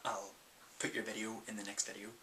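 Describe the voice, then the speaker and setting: A young Northern Irish man chats through viewer questions in a loose, rambling way, with plenty of ums. His voice is low-pitched but very bright and forward. A faint hiss sits under the recording. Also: completely flat delivery, a little fast, rough recording. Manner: chatty and rambling, many ums. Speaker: vlogger. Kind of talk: casual Q&A vlog.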